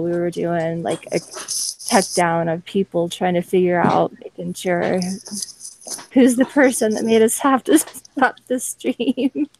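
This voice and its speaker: A woman's voice: mid-range voice, gravelly, a little mellow, no room sound, poor audio. A woman from New Mexico and Kansas City, telling a rambling story with frequent laughs on an online panel chat.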